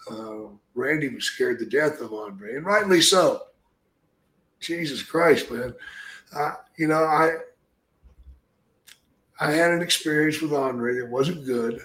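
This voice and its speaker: An older man telling profane stories in casual chat, with a gruff manner and loud acted-out quotes. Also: mid-range voice, slow pace, long pauses. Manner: gruff, swears constantly, acts out quotes loudly. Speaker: podcast guest, storyteller. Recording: echoey room.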